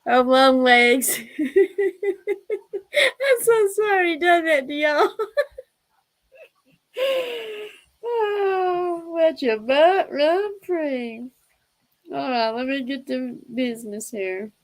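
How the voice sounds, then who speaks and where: A woman's voice: sits high, expressive, drawn-out words, pauses often, low-quality recording. A woman hosting a casual livestream, chatty, laughing often and fondly scolding her pets. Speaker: livestream host.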